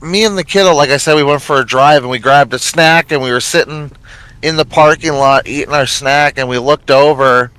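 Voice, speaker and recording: A man in a casual chat over a game stream, telling stories in a crude, profane, animated way. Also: a little high, a little fast, clean tone, dry recording, low-quality recording. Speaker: father and stream co-host.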